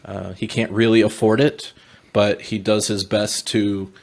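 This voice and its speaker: A man describing his character in a tabletop game, halting with many fillers and restarts. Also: on the low side, level tone, darkish tone. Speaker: player.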